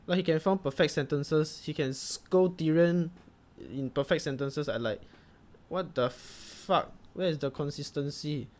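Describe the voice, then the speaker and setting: Packed with Singlish slang and swearing, this mocking comedic video review comes from a young Singaporean man with a Singaporean accent. He speaks at a measured pace in a fairly high voice.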